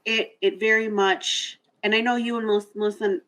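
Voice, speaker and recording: Brief: woman host, crisp and bright tone, candid and reflective chat. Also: medium pitch, level tone, a little fast, low-quality recording. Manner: candid, reflective, restarts thoughts. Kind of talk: casual discussion.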